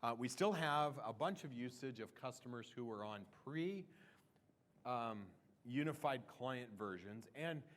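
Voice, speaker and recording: A man of ordinary pitch talks through a product roadmap at a conference session. He keeps it loose and chatty, trailing off and restarting sentences. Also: lively intonation, unhurried, fairly bright tone. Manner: conversational, with fillers and restarts. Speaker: product presenter. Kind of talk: conference talk.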